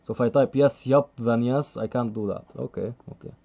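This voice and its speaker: A man's voice: mid-range voice, brisk, gravelly, dark tone, dull audio. A man commentating live chess on a stream, chatty and thinking aloud, laughing often and reading out the chat.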